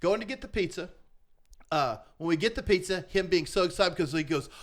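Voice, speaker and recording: A man's voice: high-pitched, lively intonation, quick pace. A middle-aged man co-hosting a podcast, telling a long rambling story in casual chat, full of restarts and voiced quotes of other people. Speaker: podcast co-host.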